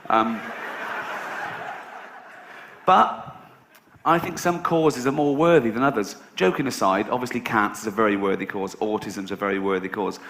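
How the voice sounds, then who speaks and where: A man performing a stand-up comedy routine to a live audience, with a sarcastic, deadpan delivery broken by loud outbursts. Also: on the low side, moderate pace, long pauses. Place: large venue with audience. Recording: echoey live venue, audience noise. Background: audience laughter.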